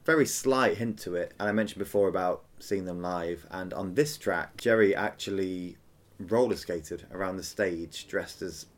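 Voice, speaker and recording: A man co-hosting a podcast in casual chat, enthusiastic and chatty, quick to laugh. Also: low-pitched. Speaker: podcast co-host.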